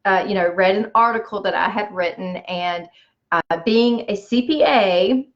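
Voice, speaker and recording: A woman in business telling a personal story, with lots of animated quoted dialogue. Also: mid-range voice, unhurried, muffled recording. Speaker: business speaker.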